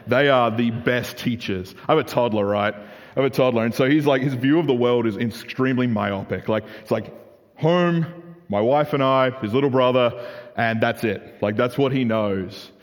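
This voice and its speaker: A young adult man preaching a sermon in a casual, animated way, full of "like" fillers. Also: medium pitch, normal speed. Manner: conversational, animated, frequent "like" fillers. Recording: reverberant hall.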